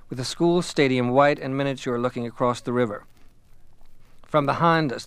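A man reading a first-person story aloud in a measured, reflective way. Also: medium pitch, clean tone, dry recording. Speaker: audiobook narrator. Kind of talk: scripted first-person narration.

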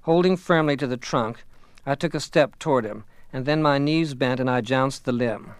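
A man reading a first-person story aloud in a measured, reflective way. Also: mid-range voice, clear, resonant tone, no echo. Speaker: audiobook narrator. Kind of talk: scripted first-person narration.

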